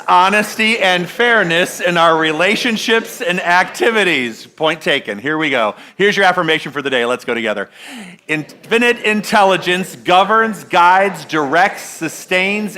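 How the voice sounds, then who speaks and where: Bright-voiced woman minister preaching. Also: on the low side. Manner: conversational, asks the congregation questions and leads recitations. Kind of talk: Sunday sermon. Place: church sanctuary.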